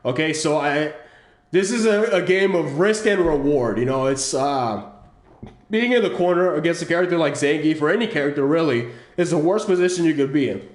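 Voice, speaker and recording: A man giving casual commentary over footage of his own fighting-game match, explaining his choices in a halting way with frequent restarts. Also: fairly high pitch, lively intonation, reverberant. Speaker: channel host analyzing his own match.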